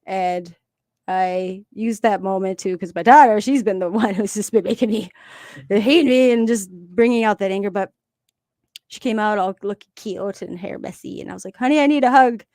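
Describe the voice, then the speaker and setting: A woman's voice: mid-range voice, normal speed, no echo, studio quality. A woman co-hosting a casual recovery discussion, talking openly and with feeling about her own life. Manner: open, emotional, animated storytelling. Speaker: podcast co-host.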